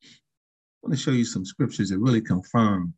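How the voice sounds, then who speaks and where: Husky preacher man, rising and falling. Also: moderate pace, darkish tone. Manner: call-and-response preaching with frequent "saints" and "thank you, Jesus"; chuckles between phrases, pitch swings widely. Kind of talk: sermon.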